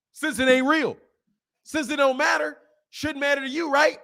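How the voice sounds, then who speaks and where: A man hosting a boxing channel, talking casually to his camera in animated, slangy commentary with frequent laughter. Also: very high-pitched, moderate pace, gravelly. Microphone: camera mic.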